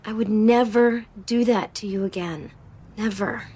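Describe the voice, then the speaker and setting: A woman's voice: mid-range voice, measured pace, warm tone, slightly rough. An actress playing a distraught woman who pleads with her ex in a TV drama scene, her voice tearful and breaking into a near-whisper. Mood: pleading.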